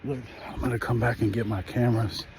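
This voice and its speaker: Against a noisy background, a mid-range male voice speaks quickly and steadily: a thirties-aged New Yorker vlogging on his phone as he walks down a residential street. He rambles casually in slang and laughs often, keeping the chat laid-back.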